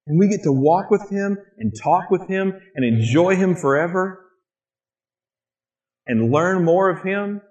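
A man preaching a sermon in a church, lively and animated, often acting out excited quotes in a higher voice. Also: measured pace, highs cut off. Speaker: pastor.

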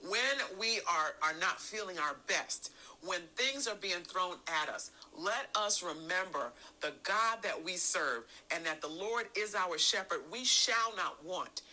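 A woman's voice: fairly low pitch, animated, unhurried, sharp tone, rough recording. A woman preacher delivering a sermon in a fervent, rhythmic style, repeating phrases as she builds each point.

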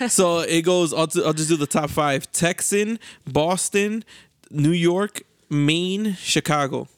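Animated, profane man hosting a chat. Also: a little high, takes it slowly, clean tone, dry recording, studio quality. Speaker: podcast host. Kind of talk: casual group chat.

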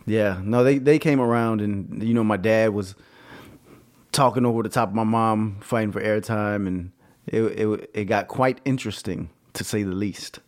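A man's voice: fairly low pitch, fairly even intonation. A man co-hosting a podcast, chatty and joking in a casual conversation. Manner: chatty, teasing, quick jokes. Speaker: podcast co-host. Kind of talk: casual chat.

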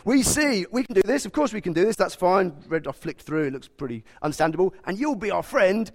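A man's voice: sits high, lively intonation, fairly quick, pitched above the performer's own voice. A man voicing the ancient Israelites as breezy and overconfident, sure they can keep every law. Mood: cocky.

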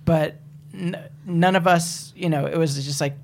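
A man's voice: a little high, steady tone, unhurried, creaky, a little hiss or hum. Wry man telling a travel anecdote. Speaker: podcast guest. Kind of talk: casual chat.

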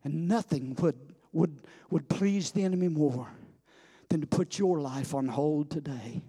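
A man preaching a sermon, moving from hushed storytelling to loud, shouting climaxes and repeating phrases for emphasis. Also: fairly high pitch, a little slow, husky.

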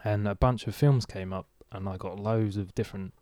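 A man's voice: fairly low pitch, steady tone, normal speed, dark tone, no echo. A young man co-hosting a casual podcast, laid-back and giving short replies. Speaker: podcast co-host.

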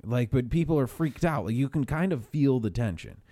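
A laid-back man in casual podcast chat, trading dry jokes and laughing easily. His voice sits in an ordinary middle pitch. The sound is dry and close, with no room around it. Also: lively intonation, normal speed, dark tone, dry recording.

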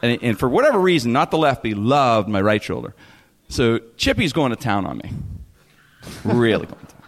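Animated man telling a funny story. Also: medium pitch, moderate pace, in a large hall. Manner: animated, laughing often, lots of restarts. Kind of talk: comic storytelling.

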